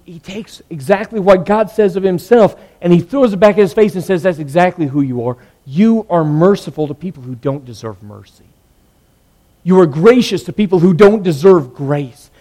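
A man preaching a sermon, earnest, swinging between loud emphatic lines and hushed ones. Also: fairly high pitch, lively intonation, moderate pace.

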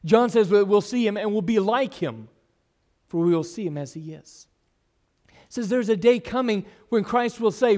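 Middle-aged pastor, high tenor, earnest sermon delivery with big shifts in loudness. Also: male voice, expressive, measured pace, long pauses. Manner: earnest, varies loudness widely, drops to soft asides.

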